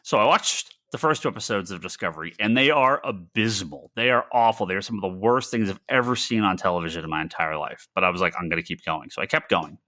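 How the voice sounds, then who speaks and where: A man's voice: sits low, fast, few pauses, pushed and bright, dry recording, studio quality. A man co-hosting a comics podcast, ranting in casual chat, swearing and acting out his own past reactions. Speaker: podcast co-host.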